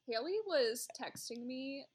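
A woman's voice: high-pitched, measured pace, slightly rough. A woman co-hosting a podcast, chiming in with short, gushing reactions. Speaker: podcast co-host. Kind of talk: casual chat.

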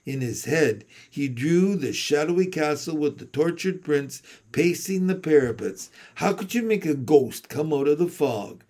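A man reading a novel aloud in a measured storytelling manner. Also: fairly high pitch, animated, a little mellow. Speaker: audiobook reader.

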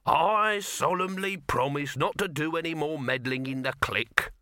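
A man's voice: a little high, lively intonation, moderate pace, vocal fry, bright, forceful tone, no echo, voice pushed up, full character voice. Male reader voicing a scheming middle-aged hustler, sly and wheedling, dry close sound.

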